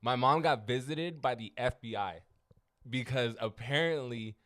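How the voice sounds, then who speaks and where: A young man on a podcast telling a story in casual chat, halting and restarting and laughing at himself. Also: mid-range voice, fairly bright tone. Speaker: podcast co-host.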